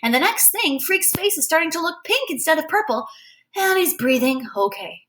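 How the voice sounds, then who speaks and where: A woman reading a novel aloud as a first-person storyteller, in an expressive way. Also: very high-pitched, moderate pace, a little hiss or hum. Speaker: reader.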